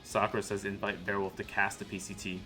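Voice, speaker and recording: Male Canadian game caster, bright tone, casual filler-heavy banter, reads chat aloud. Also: lowish voice, monotone, fast, soft background music. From Ontario, Canada.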